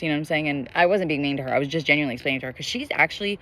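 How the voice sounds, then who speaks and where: His voice is on the high side and fairly bright, racing along with few pauses, as the young tarot reader gives a casual collective reading to the camera, rambling with lots of fillers and spiritual musing. He's indoors against a glowing bright sky, the camera facing him.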